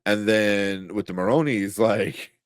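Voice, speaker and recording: A man chats loosely on a live show, piling up fillers and restarting his sentences as he laughs along. His voice sits on the low side. The sound is dry and close to the mic. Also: unhurried, no echo. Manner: rambling, many fillers and restarts, laughs often. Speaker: podcast co-host reading chat. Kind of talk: casual live-stream chat.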